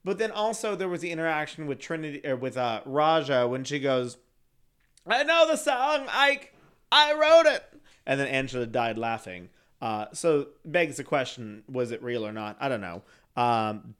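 A man co-hosting a casual podcast, chatty and animated, laughing often as he recaps. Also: mid-range voice, moderate pace, clear, resonant tone. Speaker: podcast co-host.

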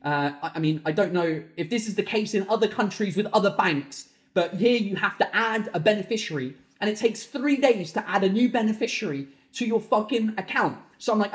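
A man hosting a comedy podcast, telling exasperated stories in an animated, swearing comic monologue from his garden home office. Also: sits high, brisk. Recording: echoey room.

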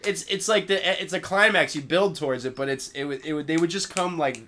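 A man's voice: fairly high pitch, brisk, a crowd in the background. Rambling, profane young man, chatting. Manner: rambling, profane, laughing often. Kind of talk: casual chat.

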